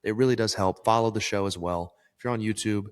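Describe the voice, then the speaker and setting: A low-pitched man talks straight to his listeners, coaching them through a life-planning exercise. He sounds earnest and pushes hard, dropping a swear word now and then for emphasis. His voice rings with a long reverb. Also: quick pace, clean tone. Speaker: podcast host. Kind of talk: solo motivational podcast talk.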